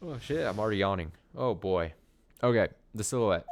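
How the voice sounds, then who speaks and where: Low-voiced sarcastic gaming commentator. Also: male voice, lively intonation, a little fast, slight background noise. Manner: sarcastic, crude asides. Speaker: let's play streamer. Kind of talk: casual gameplay commentary. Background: game music.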